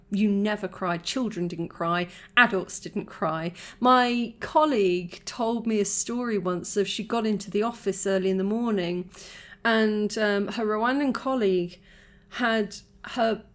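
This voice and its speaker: A woman in her forties talking casually to camera, chatty and reflective, often laughing and restarting her sentences. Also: medium pitch. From United Kingdom. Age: 40s. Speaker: vlogger.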